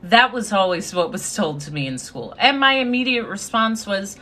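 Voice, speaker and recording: A woman's voice: mid-range voice, animated, moderate pace, hardly any pauses, pushed and bright. A woman giving a confident, sassy motivational talk on a live stream, thanking her viewers as she speaks. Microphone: phone.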